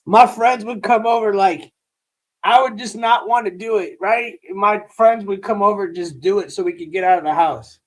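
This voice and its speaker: A man's voice: sits high, moderate pace. A man hosting a live stream, telling rambling stories with lots of swearing and slang. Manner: profane, slangy, rants full of "bro" and "dude". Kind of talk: casual rambling storytelling.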